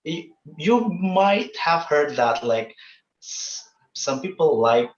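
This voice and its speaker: A man's voice: on the high side, slow, lo-fi sound, slight background noise. Man on an echoey call. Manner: relaxed, reassuring, with fillers and restarts. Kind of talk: casual advice in a discussion. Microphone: video call.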